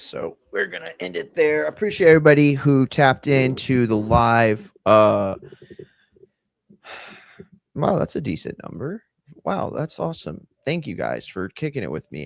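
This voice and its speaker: A man in an easygoing live-stream chat, rambling and offhand as he thanks his viewers. His voice sits at an average pitch and sounds close and dry, with no room around it. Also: creaky, no room sound. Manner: loose, rambling, offhand with viewer shout-outs.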